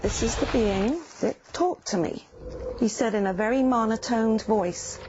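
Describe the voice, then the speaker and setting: Older woman from England, gravelly, slow halting recollection, muffled news audio, music underneath. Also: fairly high pitch, darkish tone. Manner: earnest, halting storytelling with pauses. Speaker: interviewee. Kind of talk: recounting personal experience.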